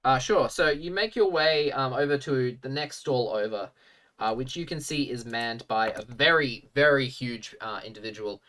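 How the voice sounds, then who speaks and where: A man narrating as game master of a tabletop game, halting and full of fillers. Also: mid-range voice, fairly bright tone, far from the mic.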